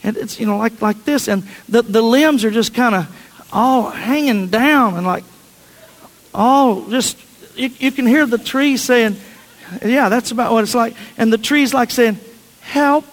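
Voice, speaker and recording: High-voiced man preaching in an echoing hall. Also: measured pace. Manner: chatty, anecdotal, frequent restarts. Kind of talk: sermon storytelling.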